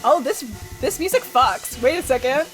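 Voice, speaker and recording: A young woman streaming a game, reading the narration aloud and reacting excitedly in between. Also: high voice, moderate pace, faint music behind.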